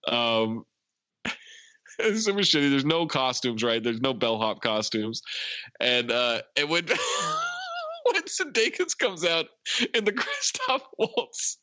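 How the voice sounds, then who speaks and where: A man's voice: high voice, pushed and bright, dry recording, highs cut off. A man co-hosting a podcast, casually retelling movie scenes, acting out the lines and laughing often. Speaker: podcast co-host. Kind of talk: casual movie recap chat.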